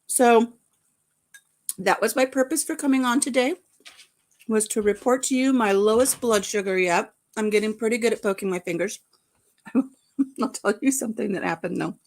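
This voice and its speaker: A woman's voice: fairly high pitch, fairly quick. A woman hosting a casual livestream, chatting in a rambling way and greeting viewers by name. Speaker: vlog host.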